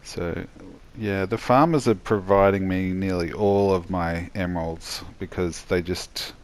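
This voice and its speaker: A tired man giving a rambling, halting voice-over commentary on his own gameplay, yawning as he goes. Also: low-pitched, fairly even intonation. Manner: rambling, halting, many restarts and fillers.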